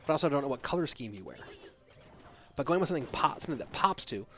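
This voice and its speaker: A man's voice: mid-range voice, very animated, fast talker, a bit bright. A man streaming from home, commentating an esports match live and stopping to answer chat questions in a loose, rambling way.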